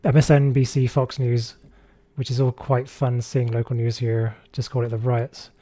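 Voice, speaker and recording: Man, streamer host, casual game chat, dry close mic, relaxed. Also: mid-range voice, normal speed, dry recording. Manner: relaxed, chatty, reads chat aloud, frequent fillers. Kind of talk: casual gaming livestream chat.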